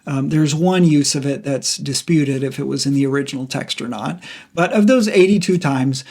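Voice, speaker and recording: A man's voice: medium pitch, normal speed, a little mellow. Man casually explaining Bible Greek. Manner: conversational, many fillers and restarts. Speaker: Bible study podcast host. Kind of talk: casual teaching monologue.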